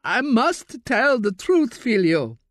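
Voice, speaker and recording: A man's voice: extremely high pitch, very animated, takes it slowly, a bit bright, no echo, studio quality, voice pushed up, heavily acted. A man voicing a frail, dying old man whose voice is brittle, thin and cracking, in an audiobook reading. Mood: pleading. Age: older.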